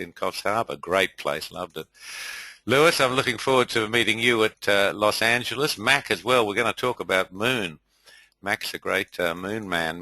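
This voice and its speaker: Low-voiced chatty man hosting. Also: bright, forceful tone, no room sound, poor audio. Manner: chatty, hesitant, with frequent filler pauses. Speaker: webinar host and trading tutor. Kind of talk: live webinar presentation.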